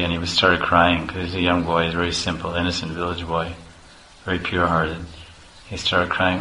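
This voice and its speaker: A male preacher tells a story in a sermon at an easy, relaxed pace. He often chuckles and repeats himself. His voice is very low but bright and forceful. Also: quick pace, echoey room, slight background noise, rough recording.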